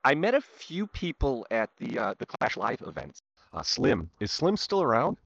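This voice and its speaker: A man with a gravelly voice chats on a podcast. His pitch moves around a lot as he talks, and the recording is dull, dry and lo-fi. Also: wildly swooping pitch, normal speed, fairly bright tone, no echo. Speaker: podcast guest. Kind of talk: casual group chat.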